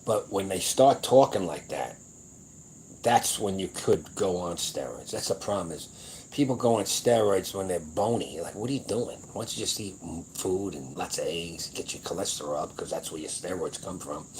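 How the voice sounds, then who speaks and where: A man's voice: deep voice, moderate pace, a little mellow, slight background noise, poor audio. Blunt, rambling man in his seventies. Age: 70s. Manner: blunt, rambling, profane, boastful. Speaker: powerlifting channel host. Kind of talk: casual livestream chat.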